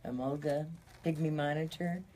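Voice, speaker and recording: A woman with an unusually deep voice talks about the animals she tours with, relaxed and matter-of-fact, laughing easily between answers. Her tone is dark and mellow. A faint hum sits behind her in the studio. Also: moderate pace. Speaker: traveling animal exhibitor. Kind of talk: casual radio studio interview. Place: radio studio.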